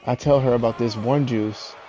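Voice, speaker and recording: A man's voice: medium pitch, fairly even intonation, moderate pace, warm tone, poor audio. A man chatting casually and telling a personal story while playing a video game, laid-back and laughing often. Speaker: streamer.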